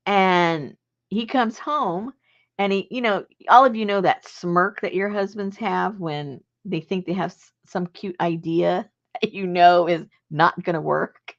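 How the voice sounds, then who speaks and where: A woman's voice: lowish voice, measured pace. A woman host telling a personal story in a chatty, rambling way, laughing often. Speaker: journaling channel host. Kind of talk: casual storytelling. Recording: dull lo-fi recording.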